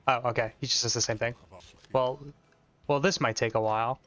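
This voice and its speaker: A young man rambling casually through his gameplay stream, his voice smooth and clear. The mic sound is a touch dull, with faint music playing underneath. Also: mid-range voice, fairly even intonation, fairly quick, pauses often, fairly bright tone.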